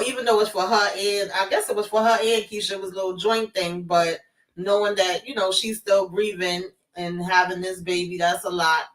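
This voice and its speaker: A woman's voice: mid-range voice, a bit bright, distant mic, rough recording. A woman co-hosting a casual live-stream recap, speaking frankly, laughing, and acting out the characters' lines. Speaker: co-host.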